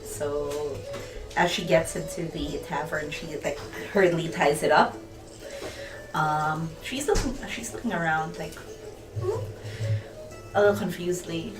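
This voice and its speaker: Woman player, low-ish voice, very slow and halting; distant echoey mic, music behind. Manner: slow, halting, with many fillers. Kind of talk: casual tabletop role-play narration.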